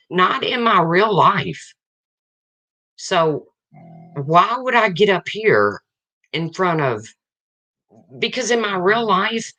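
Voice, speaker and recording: A person in their fifties hosts a livestream and talks frankly to the chat. The voice is bright and forceful, and it swings widely in pitch. They keep circling back to the same points in plain, casual language. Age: 50s. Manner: blunt and frank, repeats points. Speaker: livestream host.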